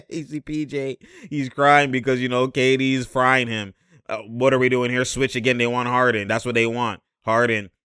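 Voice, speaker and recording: A young man reacting to basketball footage, talking fast and loose with slang, laughing often and imitating the players. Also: mid-range voice, little pitch movement, sharp tone, clear, resonant tone, no room sound, studio quality. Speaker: sports commentator reacting to game footage. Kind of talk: excited play-by-play reaction commentary.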